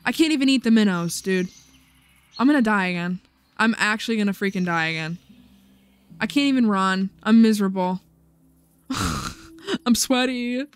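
A woman's voice: mid-range voice, lively intonation, normal speed, long pauses, smooth, soft background music. A woman hosting a casual let's-play video, chatting playfully to herself as she plays. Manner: playful, chatty, talks to herself while playing. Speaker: gaming video host.

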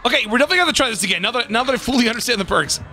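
A man giving casual, excitable gameplay commentary as a gaming YouTuber, swearing and laughing often. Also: very high voice, rapid-fire, faint music behind.

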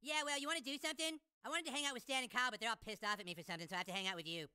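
A man's voice: very high-pitched, rapid-fire, clear, resonant tone, exaggerated voice. An actor playing a rude, manipulative cartoon boy with a whiny, bratty manner. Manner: whiny, bratty, shouts to trick others.

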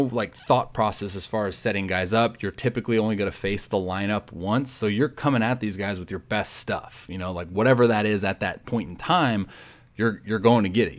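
Low, smooth-voiced young man. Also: steady tone, brisk. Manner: laid-back, rambling, full of "like" and "you know". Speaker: pro baseball pitcher. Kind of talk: casual breakdown of game footage.

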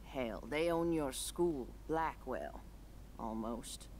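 An actress voicing a gruff, street-wise homeless woman in a video game, talking bluntly. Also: extremely low pitch, animated, takes it slowly, darkish tone, slight background noise, heavily acted.

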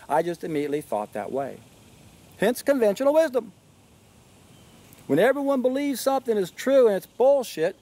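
Brief: man with a high voice, indignant and emphatic, solo monologue to camera. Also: darkish tone. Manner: indignant, emphatic, repeats key phrases. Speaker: video commentator.

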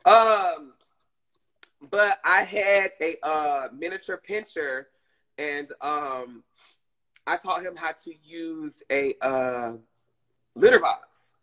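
Man, high bright voice, chatty live streamer telling stories. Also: extremely slow, long pauses. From Georgia, US. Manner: chatty, expressive storytelling. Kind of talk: casual live-stream chat.

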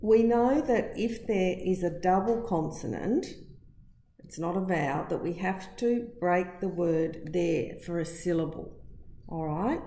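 A middle-aged woman teacher gives a recorded spelling lesson to her pupils, speaking slowly and deliberately and stretching words to show their syllables. Her voice is lowish and mellow, in an echoey room.

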